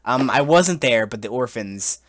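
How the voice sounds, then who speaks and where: A young man in his twenties hosting a casual podcast, telling a mock-solemn story in a halting way, full of restarts and giggles. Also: mid-range voice, expressive, no room sound, clean studio sound. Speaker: podcast host.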